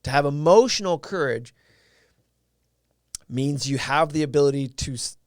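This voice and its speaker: A man's voice: fairly high pitch, moderate pace, no echo, studio quality. A man hosting a casual livestream, telling a story in a loose, rambling way with lots of fillers and restarts. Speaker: live stream host.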